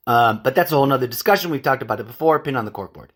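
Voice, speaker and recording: A man's voice: medium pitch, fast talker, few pauses, a bit bright. A man hosting a podcast in a solo monologue, ranting and digressing, often stopping to correct his own words and calling his listeners folks. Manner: addresses listeners as folks and friends. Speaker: podcast host.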